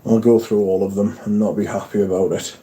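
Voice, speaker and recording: A man rambles through a casual live stream, reading comments and swearing as he goes. His voice is warm and mellow, never bright. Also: on the low side, flat delivery, fairly quick. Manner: chatty, swears casually, reads viewer comments aloud.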